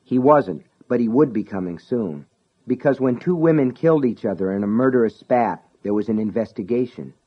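A man narrating an audiobook in a measured, dramatic way. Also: mid-range voice, lively intonation, breathy edge. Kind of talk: scripted narration. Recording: dull lo-fi recording.

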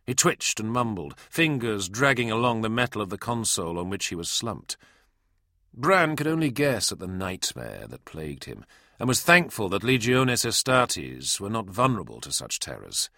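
Gravelly, animated male audiobook narrator. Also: lowish voice, normal speed, no room sound, studio quality. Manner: dramatic, expressive storytelling. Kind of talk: scripted narration.

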